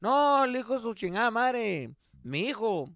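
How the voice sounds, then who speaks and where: A man voicing his father's chatty middle-aged neighbor, who rambles loudly in a chummy way. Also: extremely high pitch, sing-song, moderate pace, vocal fry, no echo, clean studio sound, pitched above the performer's own voice, full character voice. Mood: grumbling chatty.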